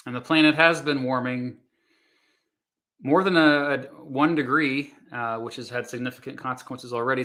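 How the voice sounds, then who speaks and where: A male history teacher aged roughly thirty to forty-nine reacts to videos as they play, voicing his thoughts with lots of fillers and restarts. He speaks in a relaxed, comforting way with a mid-range voice.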